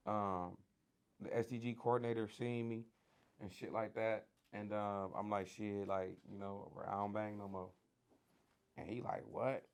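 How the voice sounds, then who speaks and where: A man with a Detroit accent telling his story in a casual interview, animated and slangy, acting out the voices of people he quotes. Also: lowish voice, unhurried, clean tone. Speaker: guest sharing his prison story.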